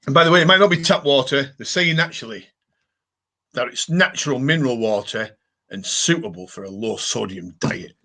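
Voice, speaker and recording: A man's voice: medium pitch, moderate pace. A middle-aged man hosting a casual home live stream, ranting and reading out viewer comments. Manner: ranting, animated, reads viewer comments aloud.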